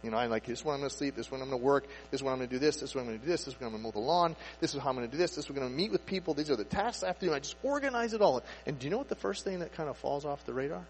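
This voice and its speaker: A man preaching a sermon in a relaxed, conversational way, asking rhetorical questions and acting out people's inner thoughts. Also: medium pitch, rapid-fire, hardly any pauses. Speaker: pastor. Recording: echoey hall with faint mains hum. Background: faint mains hum.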